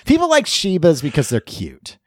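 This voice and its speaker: Lively, joking man on a podcast. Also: on the high side, normal speed, no echo, studio quality. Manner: joking, laughs often, acts out silly quotes. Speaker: podcast co-host. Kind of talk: casual chat.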